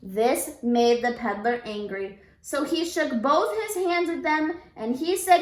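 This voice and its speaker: A female teacher reading a picture book aloud to children, expressive and unhurried, pausing to ask them questions. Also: high-pitched, echoey room. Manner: expressive, slow storytelling, asks the children questions.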